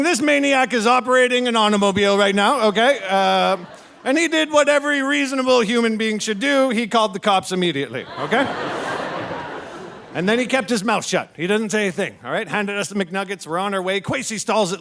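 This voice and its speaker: Loud, gravelly man doing stand-up. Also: sits high, background noise. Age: 40s. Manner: loud, rowdy storytelling with frequent "all right?" asides. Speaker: stand-up comedian. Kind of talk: stand-up comedy set. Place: comedy venue with a live audience.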